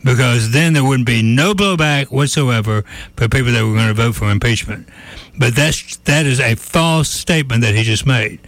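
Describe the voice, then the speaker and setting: A man's voice: mid-range voice, normal speed, fairly bright tone, no room sound. A man hosting a call-in talk radio show, blunt and opinionated, a little scratchy in the voice.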